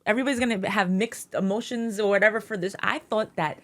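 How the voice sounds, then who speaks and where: A woman co-hosting a casual film review chat, emotional and halting, repeating her words. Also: medium pitch, a bit bright. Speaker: co-host.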